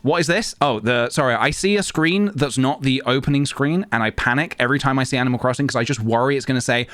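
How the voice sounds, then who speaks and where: A man's voice: mid-range voice, fast, few pauses, fairly bright tone, dry recording. A man streaming a game, chatting casually and self-deprecatingly while thanking viewers. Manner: rambling, self-deprecating, thanks chat, reads game text aloud. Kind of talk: casual live-stream chat.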